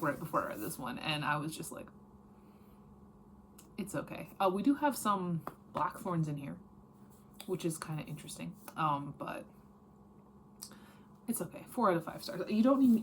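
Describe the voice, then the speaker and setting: A woman with a low-pitched voice talks through her recent reads in a loose, chatty way, correcting herself as she goes. She is blunt and easygoing, and a faint hum of the room sits under her voice. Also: lively intonation, fairly quick. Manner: chatty, frank, lots of fillers and self-corrections. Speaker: book vlogger. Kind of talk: casual reading wrap-up chat.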